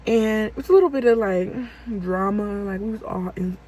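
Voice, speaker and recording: Animated young woman telling a storytime. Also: medium pitch, moderate pace, low-quality recording. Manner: animated, profane, acts out heated quotes. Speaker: vlogger. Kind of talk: casual storytime.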